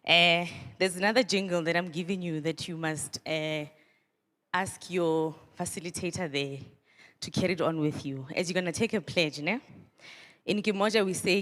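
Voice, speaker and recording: A woman's voice: on the low side, moderate pace, a bit bright, long reverb tail. A middle-aged woman, a social development official giving a motivational speech to students and leading call-and-response chants. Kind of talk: motivational speech to a youth crowd.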